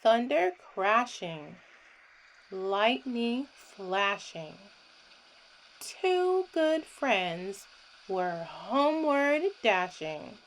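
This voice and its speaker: Brief: soothing woman storyteller, very slow and lively in pitch, faint hiss behind. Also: low-quality recording. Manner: gentle, soothing, voices animal sounds expressively. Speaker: children's book reader. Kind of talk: bedtime story read-aloud.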